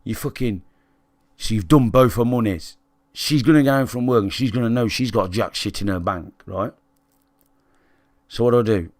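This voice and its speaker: A man's voice: lowish voice, normal speed, pauses often, darkish tone, no echo. A British man livestreaming, telling a candid story to his chat in a blunt, sweary, conversational way and checking in with listeners. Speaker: gaming livestreamer.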